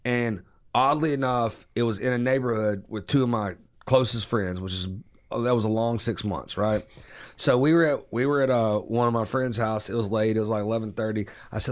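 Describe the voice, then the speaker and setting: A man telling a profane story on a casual podcast, animated and loose. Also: mid-range voice, normal speed. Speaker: podcast host.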